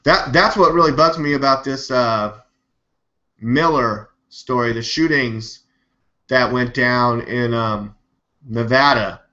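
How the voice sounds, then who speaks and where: A man hosting a live news stream, talking in a rambling, animated, skeptical way and swearing now and then. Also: mid-range voice, slow. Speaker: live news show host. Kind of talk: casual live-stream commentary. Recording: dull lo-fi webcam audio.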